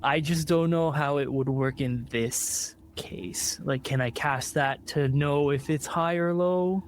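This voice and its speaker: A man's voice: fairly high pitch, takes it slowly, a little hiss or hum. Hesitant man asking about game rules. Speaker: player. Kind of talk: casual game table chat.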